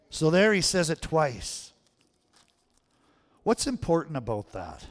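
A man's voice: a little high, big pitch swings, slow pace, long pauses, long reverb tail. A male pastor giving a sermon in a conversational way, often checking in with the congregation. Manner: conversational preaching, frequent "right?" check-ins. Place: church sanctuary.

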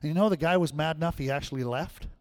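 In studio-quality sound with no room echo, a pastor with a voice on the high side preaches fast. He keeps his sermon conversational and repeatedly checks in with listeners by asking "right?"

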